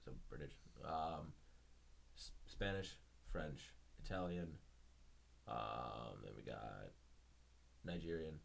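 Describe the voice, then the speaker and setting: Deep voiced guy rambling on a podcast, laughs a lot, restarts his sentences. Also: expressive, takes it slowly, creaky, pauses often. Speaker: podcast host. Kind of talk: casual chat.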